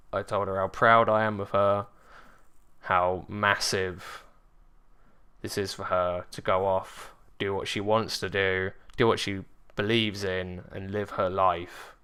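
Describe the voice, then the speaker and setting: A man, candidly telling a personal story in a vlog, halting with fillers and swearing often. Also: deep voice, flat delivery, pushed and bright, clear, resonant tone. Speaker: vlogger.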